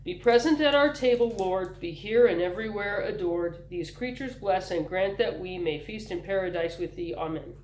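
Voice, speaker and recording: A woman's voice: medium pitch, normal speed, hardly any pauses, a little mellow, roomy sound, a little hiss or hum, close to an everyday voice, low-quality recording. A woman voicing a kind, patient teenage boy who speaks in a reassuring, thoughtful way.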